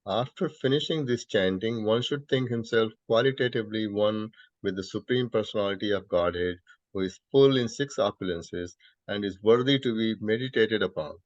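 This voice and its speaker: A man chanting a verse slowly, then reading its translation aloud to a study group. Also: fairly low pitch, dry recording, highs cut off.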